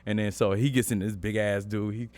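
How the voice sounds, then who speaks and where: A man's voice: on the low side, fairly quick. Laid-back man telling a story. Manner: animated, acts out voices in his stories, laughs often. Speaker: podcast co-host. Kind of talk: casual storytelling chat.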